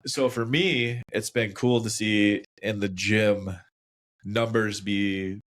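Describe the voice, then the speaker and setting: Lower-voiced man with dry humor. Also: steady tone, takes it slowly, fairly bright tone. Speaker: associate pastor, podcast guest. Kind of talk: casual podcast conversation.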